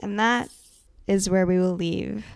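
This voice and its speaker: A woman's voice: mid-range voice, fairly even intonation, unhurried, creaky, a little hiss or hum. A woman narrating as game master of a tabletop game, speaking hesitantly with many fillers. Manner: hesitant, lots of fillers and restarts.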